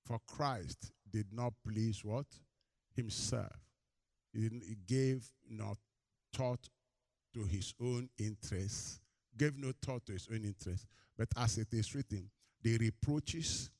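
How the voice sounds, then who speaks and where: A man's voice: slow pace, no echo. A male pastor preaching a sermon. He has the congregation finish verse lines and tells stories with rising energy. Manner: animated storytelling, climbs high and loud in anecdotes.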